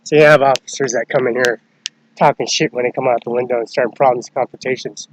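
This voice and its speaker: A man's voice: mid-range voice, steady tone, fast, a little hiss or hum, rough recording. An agitated man delivering a rambling, profane complaint that jumps from topic to topic.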